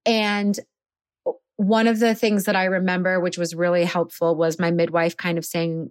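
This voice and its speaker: A woman in her thirties casually telling her birth story as a podcast guest, animated and laughing often. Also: lowish voice, moderate pace, no echo, clean studio sound.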